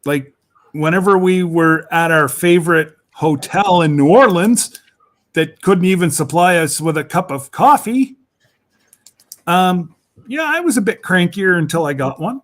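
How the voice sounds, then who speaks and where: A man's voice: high voice, animated, measured pace. A man chatting casually on a video call, rambling and laughing often. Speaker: regular on a group chat show. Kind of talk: casual chat.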